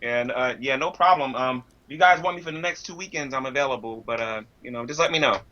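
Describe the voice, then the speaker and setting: A man appearing as a podcast guest, talking quickly and calmly about a falling-out. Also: medium pitch, dull audio. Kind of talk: casual podcast conversation.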